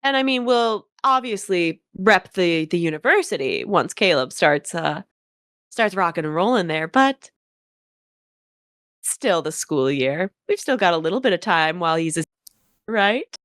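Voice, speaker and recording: A woman's voice: on the low side, expressive, unhurried, a bit bright, no echo, clean studio sound. A woman voicing Honey, a bubbly, showy middle-aged realtor mother who gushes in a sing-song voice. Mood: gushing.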